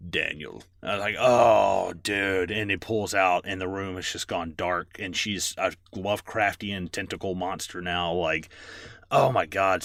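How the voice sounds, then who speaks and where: Low-voiced man rambling through a movie recap. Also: sharp tone, no room sound. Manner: rambling, filler-heavy, profane. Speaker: podcast co-host. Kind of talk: casual movie recap chat.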